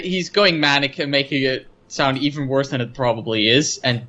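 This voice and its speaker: A man's voice: mid-range voice, normal speed, bright, forceful tone. A man co-hosting a chat podcast, making dry, wry comments while recapping a TV episode. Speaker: podcast co-host. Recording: slightly dull lo-fi mic.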